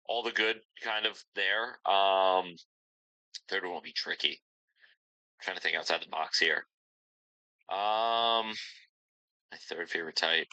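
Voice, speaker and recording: A man with a low, deep voice and a strikingly bright, forceful edge, hosting a casual sports podcast. He rambles along cheerfully and fills his pauses with ums and likes. The sound is close and dry, with no room around it. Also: no echo, lo-fi sound. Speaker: podcast host.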